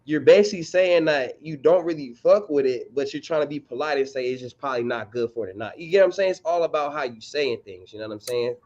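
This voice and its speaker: A man's voice: fairly high pitch, fast talker, few pauses, a little mellow. Male co-host, blunt and slangy, casual sports debate, a bit muffled. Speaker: podcast co-host.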